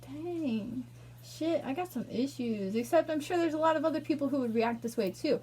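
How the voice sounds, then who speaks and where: High-voiced woman venting in anger. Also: moderate pace, dark tone, slight background noise. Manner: angry, emotional, swearing. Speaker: vlogger. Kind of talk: personal vlog rant.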